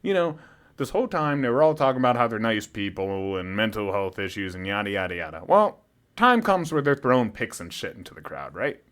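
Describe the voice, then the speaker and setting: A young man with a lowish voice talks a little fast as he co-hosts a podcast, telling a story in easygoing chat. Expect animated delivery, free swearing, frequent laughter, and a loud burst when he imitates a drunk fan.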